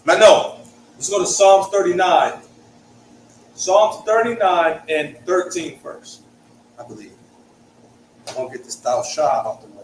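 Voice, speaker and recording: A man's voice: sits high, measured pace, long pauses. A young man from Hartford with a Connecticut accent, teaching a Bible study in a conversational way, often checking in with "right?". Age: young adult. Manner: conversational, peppers points with "right?". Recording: echoey room, mic far off, faint hiss.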